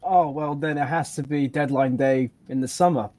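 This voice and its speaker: A man's voice: medium pitch, normal speed, no room sound. Dry-sounding man telling an anecdote. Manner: relaxed, anecdotal. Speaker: guest. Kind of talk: storytelling in a casual chat.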